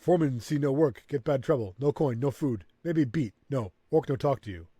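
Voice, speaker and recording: A man's voice: mid-range voice, moderate pace, mellow, husky, dry recording, natural voice. A man voicing a mistreated orc laborer who speaks in clipped, broken grammar. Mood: sullen.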